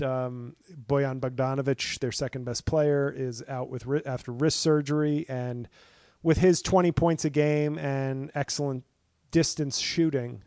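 A man's voice: mid-range voice, darkish tone, no room sound, clean studio sound. A man hosting a casual solo podcast from home, rambling and sarcastic with lots of fillers and self-mocking asides. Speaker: podcast host.

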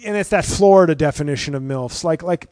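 Male comic, 30s, solo podcast host; slightly high voice, dry close sound, rambling and profane. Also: fairly quick, a little mellow, no echo. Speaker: podcast host and stand-up comedian. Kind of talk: casual solo podcast monologue.

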